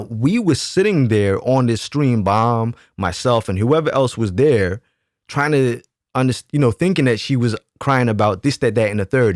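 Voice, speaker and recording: A man recounting a story straight to camera in a casual, emphatic way. His voice sits at an ordinary middle pitch. The sound is close and dry, with no room in it. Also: dry recording. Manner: emphatic, keeps asking "right?". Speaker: YouTube commentator.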